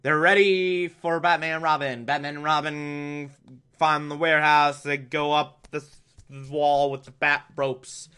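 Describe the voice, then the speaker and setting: A man recapping an episode with heavy sarcasm, often bursting into exasperated rants. His voice sits a little high with a bright, forceful ring. He talks at an unhurried, drawn-out pace. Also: level tone, clean tone. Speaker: show recap host.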